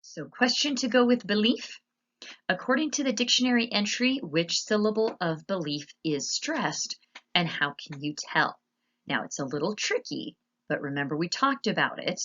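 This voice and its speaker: A woman teacher narrating a slide lesson, explaining patiently and spelling words out slowly. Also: medium pitch, expressive, a bit bright, highs cut off.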